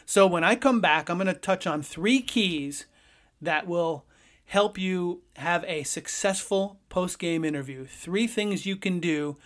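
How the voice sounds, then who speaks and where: A man hosting a podcast, telling a personal story in a lively, conversational way. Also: high-pitched, unhurried. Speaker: podcast host.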